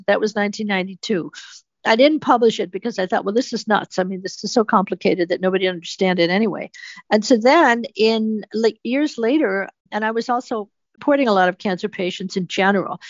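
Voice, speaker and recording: An older woman, a guest researcher, tells her story in an interview answer, animated and emphatic, acting out the quotes. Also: mid-range voice, no echo. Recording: dull, dry, slightly muffled sound.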